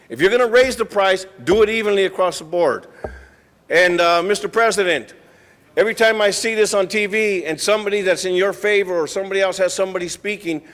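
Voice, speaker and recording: A man's voice: sits high, fairly bright tone, in a large hall. A man giving a firm, lecturing public comment at a city council meeting, speaking into a podium microphone in the council chamber.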